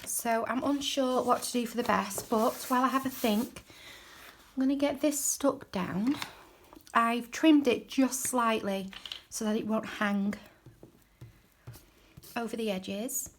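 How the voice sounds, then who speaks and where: A woman chatting casually while she crafts at home, rambling and dropping into soft mutters as she works. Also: a little high, unhurried, a little hiss or hum. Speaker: craft journaling creator. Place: home craft desk, indoors.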